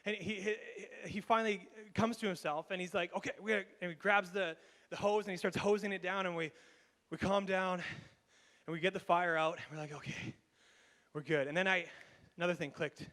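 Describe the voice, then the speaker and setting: A Canadian man preaching in a church, his fairly high voice trailing off into a long hall reverb. He tells his story in an animated way, with laughs and quick restarts. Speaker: pastor. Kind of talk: storytelling sermon. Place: church sanctuary.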